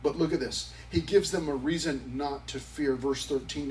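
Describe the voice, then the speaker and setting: A man's voice: fairly high pitch, steady tone, normal speed, few pauses, distant mic, slight background noise, poor audio. A male pastor preaching a sermon at a youth service in a conversational, emphatic way. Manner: conversational and emphatic, acting out quotes.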